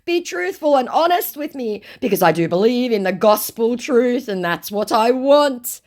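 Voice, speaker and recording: A woman's voice: on the high side, normal speed, voice pushed up, natural voice. A woman voicing a clingy, pleading male online scammer, whining and repeating himself as she reads his chat messages aloud. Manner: whiny, repeating "calm down, okay".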